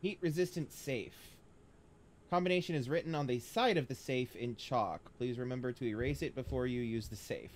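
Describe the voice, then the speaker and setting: A man's voice: medium pitch, a little fast, few pauses, slight background noise. A man casually talking to himself as he streams a horror game, reading notes aloud and chatting as he plays. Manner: chatty, talks to himself while playing. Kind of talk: casual let's-play commentary.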